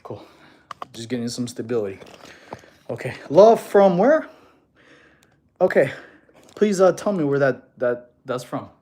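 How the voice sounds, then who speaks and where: A man's voice: mid-range voice, lively intonation, moderate pace, pauses often, darkish tone. A man coaching fitness on a casual livestream, laughing often and answering chat questions, filmed on a tripod camera.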